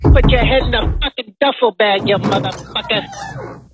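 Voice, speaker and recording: A man's voice: extremely high pitch, wildly swooping pitch, moderate pace, over music, heavily acted. A male caller putting on a foul-mouthed, hot-tempered tough-guy gangster voice, swearing and menacing over the phone. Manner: aggressive, swearing, repeats "listen". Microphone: phone call. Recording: dull phone line.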